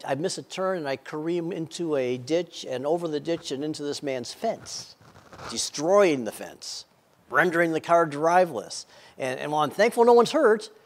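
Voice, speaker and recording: A man preaching a sermon, telling an illustration with frequent stammered repeats. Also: a little high. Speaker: pastor.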